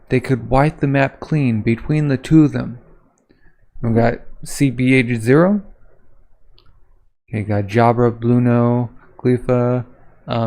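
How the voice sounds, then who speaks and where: A man talking at an unhurried pace in a relaxed, mellow voice. He reads aloud and comments casually for a reaction video, filling his pauses with ums while he hunts for names. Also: medium pitch. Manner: hesitant, searching for names with frequent ums. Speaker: manga reaction host.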